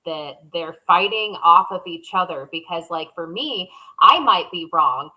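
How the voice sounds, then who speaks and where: A woman co-hosting a casual podcast, her voice bright and forward. She talks openly and emotionally, often acting out her inner thoughts as quoted voices. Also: lowish voice, animated, measured pace, low-quality recording. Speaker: podcast co-host. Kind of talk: casual conversation.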